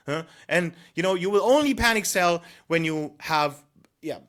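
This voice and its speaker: Male trader-vlogger, lively pitch, pushes viewers with rhetorical 'hmm?' tags and lots of 'you know'. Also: normal speed. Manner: emphatic, coaching, rhetorical questions with tag 'hmm?'; frequent 'you know' fillers. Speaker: trader giving market commentary. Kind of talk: direct-to-camera advice monologue.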